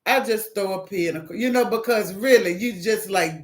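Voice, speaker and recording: Animated Southern woman preaching casually. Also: mid-range voice, unhurried, soft background music. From American South. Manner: animated and preachy, acts out phone calls. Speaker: Christian single encouraging viewers. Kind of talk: casual devotional talk.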